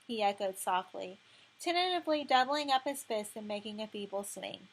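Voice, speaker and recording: A woman narrating an audiobook in a measured, expressive storytelling way. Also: mid-range voice, low-quality recording.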